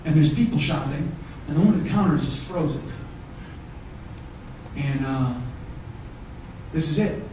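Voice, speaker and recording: Before a live theatre audience, a comedian with a warm, fairly high voice tells a one-man-show story at a moderate pace, leaving long pauses. He's conversational and foul-mouthed, joking back and forth with the crowd. The sound is echoey and far away, with a bit of hiss or hum.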